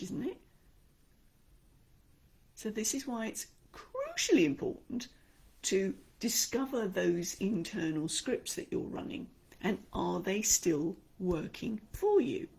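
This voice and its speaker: A woman's voice: mid-range voice, a little mellow, husky. An Australian woman teaching an online speaking lesson, talking expressively and acting out the inner voices she describes. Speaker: speaking coach.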